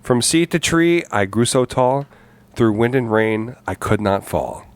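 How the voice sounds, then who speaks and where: A man's voice: mid-range voice, lively intonation, measured pace, no room sound, lightly acted. A man reciting a comic poem as a proud old tree recalling its youth. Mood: wistful.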